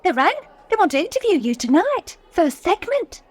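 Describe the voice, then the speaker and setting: A woman playing a fretful, scheming middle-aged wife in a radio sitcom, excitable and fussy. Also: extremely high pitch, normal speed. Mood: fussing.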